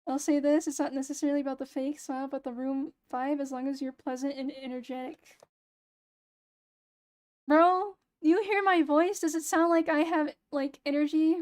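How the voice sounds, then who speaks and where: A young woman streaming casually, talking in a flat, low-energy, near-monotone way, with a hoarse voice and a sound like she is close to crying. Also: normal speed. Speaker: VTuber streamer. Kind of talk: casual late-night stream chat.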